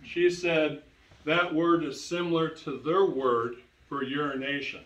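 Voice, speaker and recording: A man's voice: on the high side, fairly even intonation, a little slow, fairly bright tone. A man giving a public lecture, telling stories to an audience and repeating key phrases for emphasis. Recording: roomy sound, distant from the mic.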